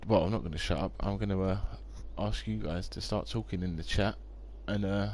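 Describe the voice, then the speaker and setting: A man's voice: low-pitched, steady tone, brisk, darkish tone. A man, chatting casually on a live game stream, rambling and reading out viewer comments.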